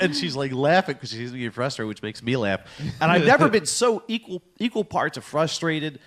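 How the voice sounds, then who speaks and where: A man co-hosting a comedy podcast, telling animated family stories in casual chat, laughing and swearing often. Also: a little high, a little fast, few pauses. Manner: animated storytelling with profanity and laughter. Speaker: podcast co-host.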